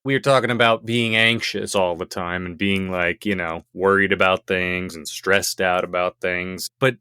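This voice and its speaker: A man co-hosting a comedic podcast, ranting in bursts that build to shouting. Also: sits low, fairly even intonation, moderate pace, clear, resonant tone, no echo, studio quality. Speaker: podcast co-host.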